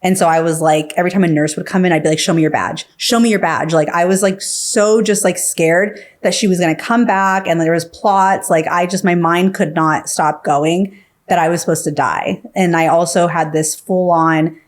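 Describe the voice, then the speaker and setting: Chatty woman telling a story, lower voice. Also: fairly even intonation, moderate pace. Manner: filler-heavy, acts out quoted dialogue. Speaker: podcast guest. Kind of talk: casual storytelling.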